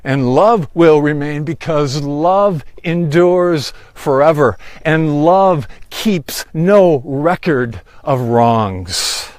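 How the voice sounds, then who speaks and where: A man giving a sermon, slow and deliberate, rising on emphatic phrases. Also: on the high side, animated, darkish tone, no echo, clean studio sound. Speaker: pastor.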